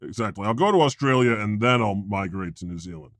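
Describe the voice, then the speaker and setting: A man playing God as a laid-back, joking deity, co-hosting a comedy podcast with teasing, deadpan quips. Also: lowish voice, fast talker, no room sound, clean studio sound. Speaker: podcast co-host. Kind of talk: comedic improv podcast chat.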